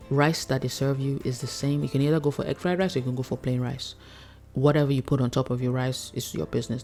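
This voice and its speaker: Her voice is extremely low, creaky, and mellow. A chef, she gives casual teaching talk to food business owners, chatting easily, laughing a lot, and playing out her customers' parts.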